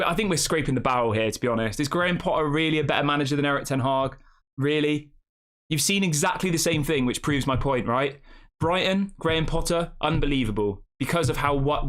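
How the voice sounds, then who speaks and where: A man's voice: fairly high pitch, fairly bright tone. Guy on a live stream reading chat, chatty and rambly, keeps asking "really?" type questions. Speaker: fan channel host.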